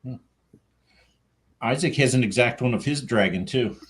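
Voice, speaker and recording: A man moderating an author panel in a slow, easygoing way over a video call. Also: medium pitch, very noisy. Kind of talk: casual panel chat.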